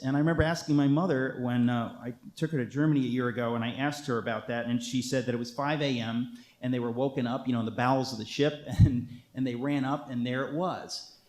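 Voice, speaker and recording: A man's voice: mid-range voice, darkish tone. An American man and author giving an earnest, emphatic interview answer with wry asides. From United States. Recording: echoey room.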